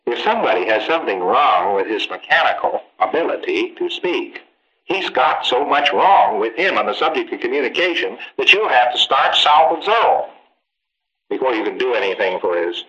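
Male lecturer, bright and pointed, emphatic, quips and rhetorical asides, dull old tape. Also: medium pitch, sing-song, moderate pace. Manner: emphatic, acts out exchanges, rhetorical questions. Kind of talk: informal training lecture.

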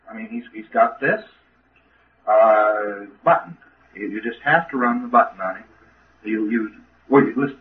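Folksy man lecturing on a tinny tape. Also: medium pitch. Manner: folksy and emphatic, with frequent restarts. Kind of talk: informal lecture to trainees.

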